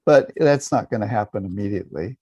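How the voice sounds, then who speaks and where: Male meditation teacher, dry close sound, low relaxed voice, casual guiding tone. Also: breathy edge, no echo, dull audio. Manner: relaxed, unhurried, with fillers and restarts. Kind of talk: guided meditation.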